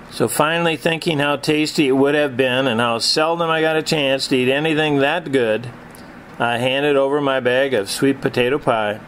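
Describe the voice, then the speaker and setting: A man narrating a story in a reflective, measured storytelling manner. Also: mid-range voice, slight background noise, poor audio. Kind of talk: storytelling reading.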